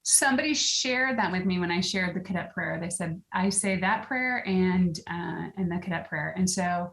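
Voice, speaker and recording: A woman wellness coach talking in a casual interview, earnest and quick to laugh, at times reading aloud with feeling. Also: fairly low pitch, fairly bright tone. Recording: roomy echo.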